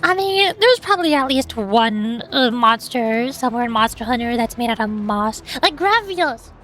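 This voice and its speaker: Bubbly high-voiced young woman streamer. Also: lively intonation, moderate pace, a bit bright, slight background noise. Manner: bubbly, chatty, reacts with squeals and jokes. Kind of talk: casual game commentary.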